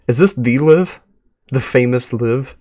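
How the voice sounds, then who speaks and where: A man streaming live, reading an online story aloud and reacting with frequent laughs and excited remarks. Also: medium pitch, slow pace, dry recording, clean studio sound.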